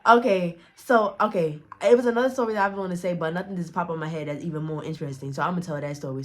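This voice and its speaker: A young woman telling a casual storytime, rambling in slang with many restarts and acted-out quotes. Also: on the low side. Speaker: storyteller vlogger.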